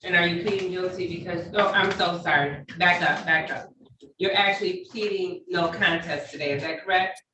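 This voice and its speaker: A woman judge running court proceedings over a video call, speaking in a measured, polite, procedural way. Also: fairly low pitch, sharp tone. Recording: echoey, distant, faint noise.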